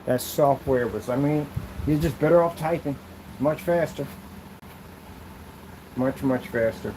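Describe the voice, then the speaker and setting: A man's voice: mid-range voice, a little slow, background noise. A man hosting a casual product demo vlog, rambling loosely with asides as he shows projection screens. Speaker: channel host demonstrating projection screens.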